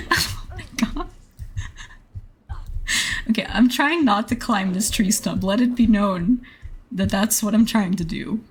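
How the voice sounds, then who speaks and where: A woman's voice: mid-range voice, animated, takes it slowly, long pauses, breathy edge. Giggly, apologetic young woman streamer. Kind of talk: live gameplay stream chat.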